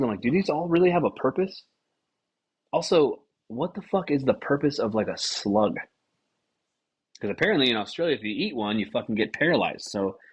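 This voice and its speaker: A man hosting a casual podcast, rambling through a comedic monologue with lots of swearing and animated acted-out quotes. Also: medium pitch, husky, muffled recording. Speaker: podcast host.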